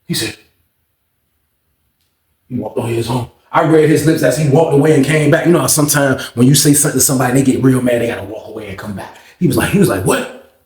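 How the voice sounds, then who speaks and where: A man's voice: mid-range voice, quick pace, roomy sound. A man telling a story casually and profanely, acting out the people in it. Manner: animated, profane, acts out quotes. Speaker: storyteller host.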